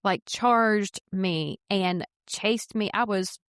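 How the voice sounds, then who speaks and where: A woman realtor co-hosting a podcast, telling stories in casual chat with animated, excited delivery. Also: medium pitch, slow pace, smooth, dry recording, studio quality. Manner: animated, rising to excited bursts when telling a story.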